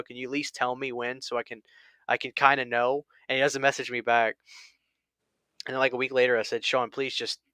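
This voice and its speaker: A man's voice: medium pitch, bright, forceful tone, clear, resonant tone, no room sound, clean studio sound. A man hosting a casual chat, telling a long story with many restarts and quoted lines. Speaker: channel host.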